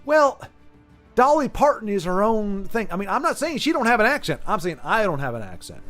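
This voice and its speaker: A man's voice: sits high, big pitch swings, a little fast, fairly bright tone, faint music behind. A man from the United States hosting a game stream, chatting casually in a rambling, joking, self-mocking way. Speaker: stream host. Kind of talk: casual chat over gameplay.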